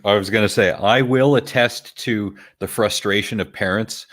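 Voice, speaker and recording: A man co-hosting a casual podcast chat, explaining his views in a thoughtful, measured way. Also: lowish voice, fairly bright tone. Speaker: podcast co-host.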